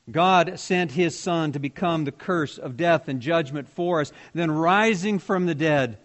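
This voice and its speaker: With a fairly high, fairly bright voice, a man delivers a sermon as pastor in a conversational style, putting questions to his congregation as he goes.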